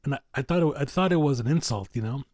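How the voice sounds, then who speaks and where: A man chats as a guest on a podcast, rambling through his stories and leaning on constant fillers. His voice sits at a middle pitch. It is recorded dry and close. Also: lively intonation, fast, a little mellow, dry recording. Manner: rambling, fills nearly every phrase with "you know". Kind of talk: casual conversation.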